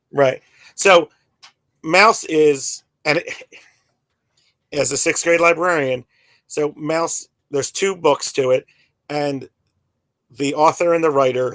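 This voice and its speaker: A man's voice: mid-range voice, creaky, a bit bright, dry recording. A man in his forties, talking in a rambling way full of fillers and restarts in a casual podcast chat. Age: 40s.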